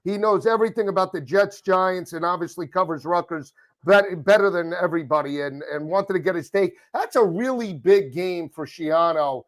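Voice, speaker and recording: A man's voice: sits high, normal speed. A man hosting a casual sports chat, upbeat and enthusiastic. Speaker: host.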